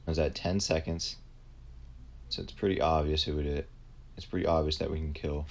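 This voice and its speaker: A man's voice: extremely low pitch, fairly even intonation, moderate pace, gravelly, a little hiss or hum. A young man giving casual, profanity-heavy commentary while playing a game, often erupting in frustration. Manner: swears a lot, flares into shouted frustration. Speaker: gaming video host.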